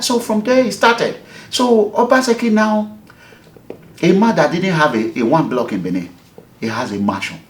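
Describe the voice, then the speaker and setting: Animated Nigerian man with an echoey sound. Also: mid-range voice, moderate pace, slight background noise. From Nigeria, Edo State. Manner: animated, emphatic, acts out the dialogue. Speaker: activist, movement leader. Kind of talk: interview, telling a story. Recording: echoey room.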